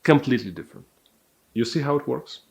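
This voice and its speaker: A man teaching a recorded dating course, speaking in a calm, deliberate, measured way. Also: mid-range voice, gravelly. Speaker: dating coach.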